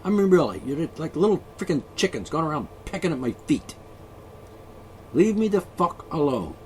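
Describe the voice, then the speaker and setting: A man's voice: fairly high pitch, big pitch swings, moderate pace, a little mellow, a little hiss or hum. A man ranting alone, profane and sarcastic, mocking the people he is angry at. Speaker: ranting vlogger. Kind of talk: angry solo rant.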